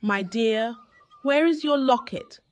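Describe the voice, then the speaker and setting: A woman voicing an elderly grandmother who speaks gently but firmly, in a slow, measured way. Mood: gentle. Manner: gentle but firm, slightly higher pitch.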